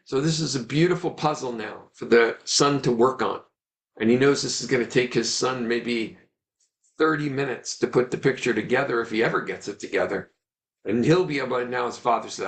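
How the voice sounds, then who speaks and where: A man gives an earnest, animated webinar talk built around a story. His mid-pitched voice carries a noticeable gravelly fry. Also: normal speed. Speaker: Ayurvedic teacher.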